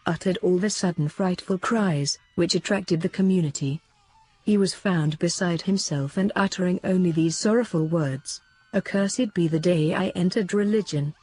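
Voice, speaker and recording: A woman reading a devotional book aloud as an audiobook narrator, in a steady, measured way. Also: fairly low pitch, breathy edge, dry recording. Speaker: audiobook reader.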